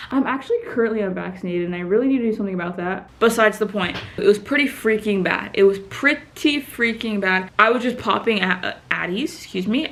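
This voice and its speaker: A young woman with a mid-range voice tells a rambling storytime to her camera. She is animated and laughs often, swears freely and corrects herself mid-sentence as she drifts into tangents. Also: mid-range voice. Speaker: vlogger. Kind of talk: casual storytime monologue.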